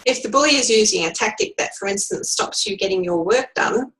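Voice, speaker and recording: A woman presenting a recorded lesson, explaining tactics calmly and acting out sample phrases. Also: fairly high pitch, a little fast, creaky, poor audio. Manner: calm, instructive, acts out sample phrases. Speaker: workplace trainer. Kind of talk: recorded lecture.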